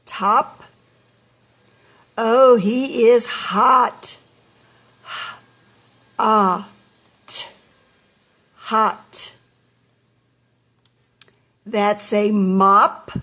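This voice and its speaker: A woman teaching a phonics lesson to young children, slowly sounding out each word letter by letter. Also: medium pitch, fairly even intonation, sharp tone. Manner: slow, deliberate, sounding out letters one by one.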